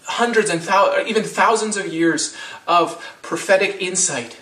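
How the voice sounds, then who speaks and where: Man in his thirties, pastor giving a sermon, chatty restarting delivery, slightly high voice, roomy sanctuary sound. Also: measured pace, sharp tone, far from the mic. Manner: conversational, with frequent restarts and rhetorical "right?".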